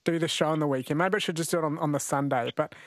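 This is a radio host with an Australian accent running a quiz show, talking in a chatty, jokey way and laughing a lot. His slightly high voice moves very fast, picked up on a studio mic with background noise.

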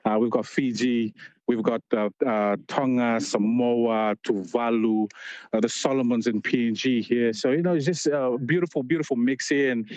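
A man's voice: medium pitch, fairly even intonation, normal speed, darkish tone, no room sound. A man reporting as a correspondent on a radio show over a phone call, chatty and laughing often as he tells stories. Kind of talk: casual live report.

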